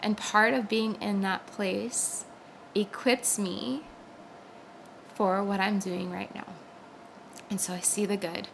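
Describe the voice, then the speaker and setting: A woman's voice: mid-range voice, steady tone, slow pace, creaky, pauses often, a little hiss or hum, rough recording. A young adult woman giving a personal faith testimony in an earnest, conversational way, with frequent fillers. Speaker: Christian speaker sharing a testimony.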